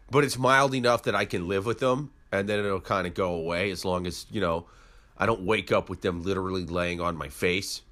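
A man's voice: low-pitched, pushed and bright. A man co-hosting a podcast, sounding stuffed-up and congested, talking casually with frequent false starts. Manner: hesitant, repeats words. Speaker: podcast co-host.

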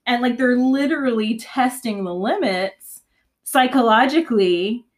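Slow-spoken woman with a high voice. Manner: supportive listener, quick reactions and laughs. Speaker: podcast co-host. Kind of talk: casual chat.

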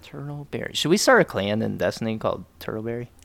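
Young male podcast co-host, deep-ish gravelly tone, loose and rambling. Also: very animated, fast talker, fairly bright tone. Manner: loose, joking, trails off and restarts. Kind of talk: casual gaming chat.

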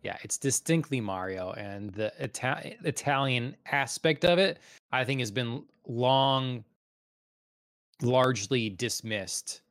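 A man's voice: medium pitch, takes it slowly, dry recording. Easygoing man chatting on a dry mic. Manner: relaxed, rambling, easygoing with frequent fillers. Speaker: podcast co-host. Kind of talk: casual chat.

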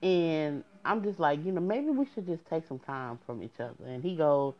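A woman's voice: sits low, animated, normal speed, lo-fi sound. A young woman telling her dating story frankly to her viewers, in an exasperated casual manner. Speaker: storyteller vlogger.

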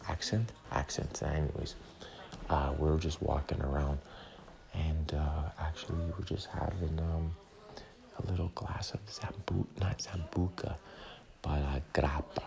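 Very deep gravelly whispering man. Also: flat delivery, unhurried. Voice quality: rambling, whispering. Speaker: podcast host. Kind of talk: whispered casual chat. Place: movie theater during a film. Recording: crowded room, movie audio behind. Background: crowd chatter.

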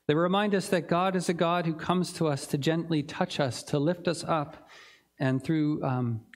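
A man preaching a sermon in an earnest, reflective way, with some fillers and restarts. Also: fairly high pitch. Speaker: pastor.

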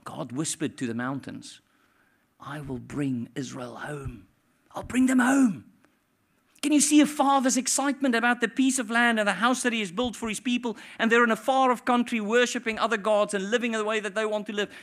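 A pastor preaching a sermon, swinging between hushed, tender passages and loud, impassioned ones. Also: male voice, extremely high pitch, fast talker, hardly any pauses.

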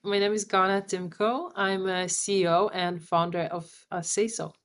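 A woman's voice: medium pitch, steady tone, normal speed. Polite woman podcast guest. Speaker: guest, company founder. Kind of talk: interview answer.

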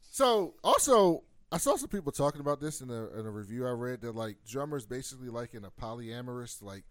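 A man's voice: mid-range voice, a little fast, no room sound. A man talks through a TV episode in loose, casual chat. His voice sits mid-range and sounds dry and close to the mic. He slips into the characters' lines as he retells the scenes. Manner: animated storytelling, acts out quotes. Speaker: podcast co-host.

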